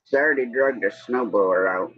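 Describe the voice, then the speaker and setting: This livestream host speaks quickly in a mid-range voice with a breathy edge. It's a casual evening chat where he rambles from one everyday subject to the next, captured in dull, lo-fi stream audio.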